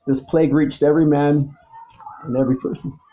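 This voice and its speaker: A man talking alone to the camera, swinging between low mutters and loud, angry, profane outbursts and repeating himself. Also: fairly even intonation, a little fast, highs cut off. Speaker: vlogger. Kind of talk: rambling solo monologue to camera.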